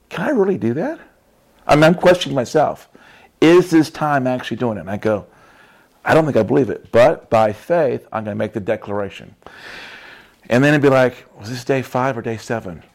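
A man's voice: mid-range voice, darkish tone. A man preaching in a casual storytelling way, chatty and laughing often, with frequent tag questions.

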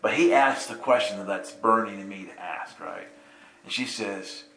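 A man's voice: lowish voice, normal speed, vocal fry. A man telling a personal story in casual conversation, acting out the voices of the people in it, laughing often and checking in with "right?". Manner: animated, acts out quotes with voices, laughs often, asks "right?". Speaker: storyteller recounting a personal experience. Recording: roomy echo.

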